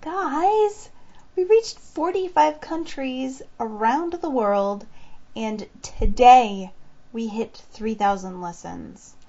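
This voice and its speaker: A woman's voice: a little high, slow, dark tone, highs cut off. A woman co-hosting a podcast in upbeat, giggly casual chat. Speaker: podcast co-host.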